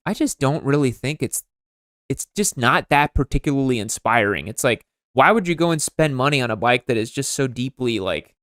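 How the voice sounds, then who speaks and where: A young man hosting a comedic livestream, roasting viewers' motorcycles in a sarcastic, mock-exasperated way, his voice jumping high when outraged. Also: dry recording, clean studio sound.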